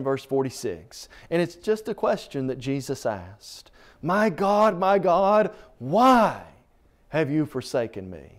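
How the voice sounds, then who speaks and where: A man's voice: a little high, darkish tone. A man preaching a televised sermon, reading scripture with impassioned, swelling emphasis and calling the listener "friend.".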